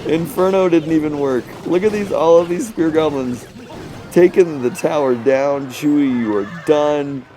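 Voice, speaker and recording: A young man talking through replays of his mobile game matches, a casual commentator who gets excited over close plays and trails off quietly. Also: on the high side, measured pace, soft background music. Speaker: gaming video host.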